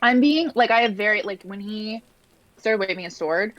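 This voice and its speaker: A woman's voice: medium pitch, normal speed, fairly bright tone, dull audio, a little hiss or hum. A woman playing a tabletop role-playing game, describing her character's actions with many hesitations and likes. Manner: hesitant, full of likes and restarts. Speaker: player. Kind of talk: casual role-play talk.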